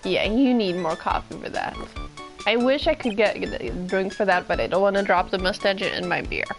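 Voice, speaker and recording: A woman's voice: mid-range voice, normal speed. A woman streaming a game, chatting casually and playfully reading the dialogue aloud. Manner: playful, reads characters' lines aloud with her own reactions. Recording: stream voice with clear game music behind.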